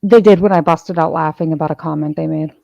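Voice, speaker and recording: A woman's voice: low voice, fairly even intonation, fast, creaky, warm tone, dry recording, dull audio. A woman host in casual chat, telling a rambling story full of restarts. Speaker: channel host.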